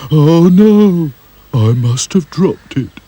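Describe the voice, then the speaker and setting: A man doing a sulky, slow rag doll. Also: on the low side, very animated, warm tone, exaggerated voice. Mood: panicked.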